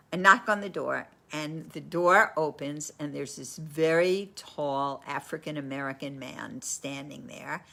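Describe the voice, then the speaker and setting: A woman teaching a class tells a story with lively energy, often restarting her sentences and breaking into laughter. Her voice is bright and forceful, and it sits somewhat low for a woman.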